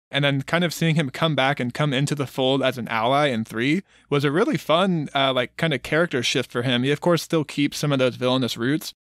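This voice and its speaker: A man co-hosting a casual movie podcast, speaking in a relaxed, conversational way. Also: medium pitch, dry recording, studio quality. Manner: relaxed, conversational, occasional fillers. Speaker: podcast co-host.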